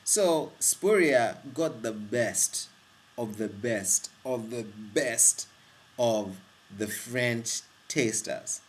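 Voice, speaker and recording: A man from Kenya talks about wine in a loose, rambling way. He trips over and restarts his sentences and gets excited as he goes. His voice sits at an ordinary middle pitch for a man. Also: drawn-out words. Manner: rambling, with frequent restarts and self-corrections; animated and excitable. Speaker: wine vlogger. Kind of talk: casual explanatory monologue.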